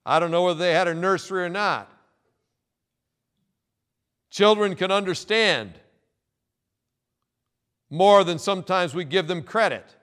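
A male pastor preaching a sermon, emphatic and insistent, repeating key phrases and pausing for effect. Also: sits high, fairly bright tone.

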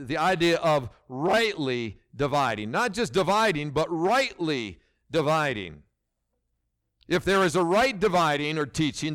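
A middle-aged male preacher delivers a sermon with a lively voice that rises and falls widely. His pitch sits a touch high for a man, and he throws rhetorical questions at his listeners and restarts phrases as he presses each point. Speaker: pastor.

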